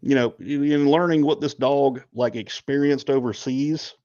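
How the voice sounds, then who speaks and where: A man's voice: mid-range voice, normal speed, warm tone, no room sound, dull audio. A man co-hosting a podcast, telling a long story in a casual, joking way with lots of ums. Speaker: podcast co-host.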